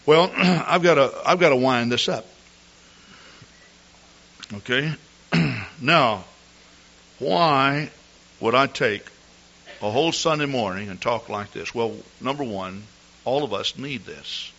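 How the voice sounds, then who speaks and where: Man, preacher, sermon, bright tone, throat-clearing, muffled recording. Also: mid-range voice, takes it slowly, pauses often. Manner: animated storytelling preacher, clears throat often. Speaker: pastor. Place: church service. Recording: dull lo-fi recording.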